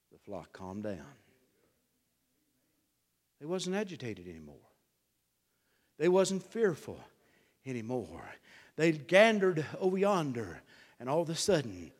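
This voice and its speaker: A middle-aged man preaching a sermon, dropping to a hush and climbing to shouts in a folksy drawl. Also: medium pitch, long reverb tail. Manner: swings from hushed to shouting, drawling folksy delivery. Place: church.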